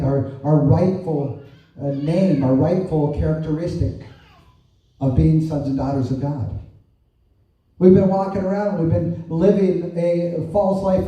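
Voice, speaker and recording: A man's voice: a little high, mellow, lo-fi sound. A man preaching a sermon in a conversational way, asking rhetorical questions and often adding "right?". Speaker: pastor. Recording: echoey distant room sound.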